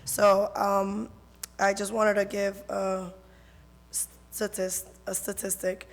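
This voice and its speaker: A hoarse woman who has lost her voice, earnestly reading statistics as a public commenter at a council meeting. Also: mid-range voice, flat delivery, takes it slowly. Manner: earnest, reads statistics, repeats her concerns. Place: council chamber. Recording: reverberant council chamber.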